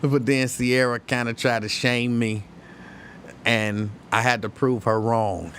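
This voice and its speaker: A man from hosting a live-stream show, chatting casually and reading viewer comments, opinionated and halting, with many restarts. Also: mid-range voice, level tone, a bit bright, a little hiss or hum. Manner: conversational, opinionated, halting with frequent restarts and fillers.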